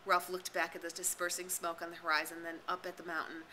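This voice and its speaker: A woman narrates a novel in audiobook style, giving the story dramatic expression. Her voice sits a little low but rings very bright, over faint background noise. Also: flat delivery, fast, low-quality recording. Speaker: reader and tutor.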